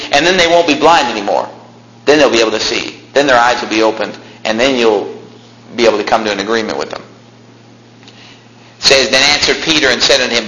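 A man preaching a fiery sermon, swinging between loud raised lines and quiet low ones. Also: echoey room, a little hiss or hum, rough recording.

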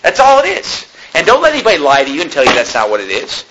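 Animated high-voiced preacher man. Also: fast talker, noisy background. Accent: American. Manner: animated, mocking, swings between loud and low asides. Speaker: pastor. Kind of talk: sermon.

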